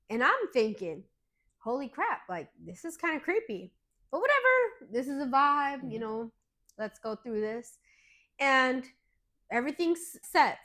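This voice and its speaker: A woman co-hosting a podcast, telling a story in casual chat with animated, dramatic retelling and some swearing. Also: fairly high pitch. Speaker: podcast co-host.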